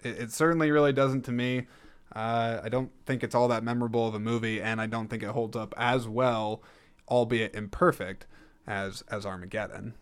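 A man's voice: medium pitch, steady tone, normal speed, smooth. A man hosting a casual film review, rambling and jokey, correcting himself as he goes. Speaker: podcast host reviewing a film.

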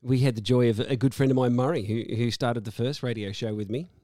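A man's voice: medium pitch, steady tone, brisk, dark tone, dry recording. Man, radio host, casual banter, laughs a lot, dry close mic. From Australia. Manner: chatty, laughs often, rambling anecdotes.

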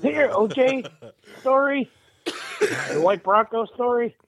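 A man co-hosting a podcast, hesitant and low-key in casual chat. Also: expressive, takes it slowly, a bit bright. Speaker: podcast co-host. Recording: dull lo-fi mic.

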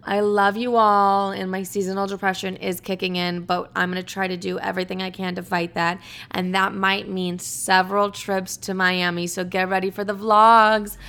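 Chatty, profane young woman podcaster, smooth voice. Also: mid-range voice, level tone, moderate pace, pushed and bright. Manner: chatty, profane, playful, says "like" a lot. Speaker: podcast host. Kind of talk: casual solo podcast monologue.

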